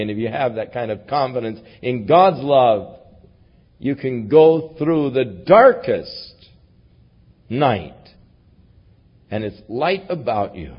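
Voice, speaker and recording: A male pastor delivering a sermon with emphatic swings between booming declarations and hushed passages. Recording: dull lo-fi recording.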